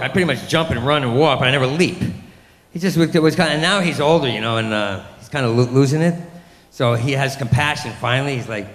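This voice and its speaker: A man's voice: medium pitch, fast, a bit bright, big-room sound. A man doing a rambling, crude stand-up comedy set, full of sarcastic rants and mocking impressions.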